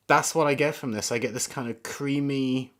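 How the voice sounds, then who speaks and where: A man giving casual, rambling first impressions of fragrances on a live stream, often searching for words. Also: mid-range voice. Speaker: fragrance reviewer.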